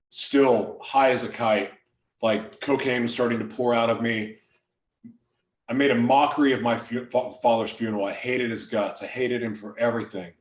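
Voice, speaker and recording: A man, a podcast guest, giving a frank, confessional personal testimony in blunt everyday language. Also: medium pitch. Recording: roomy sound, distant from the mic.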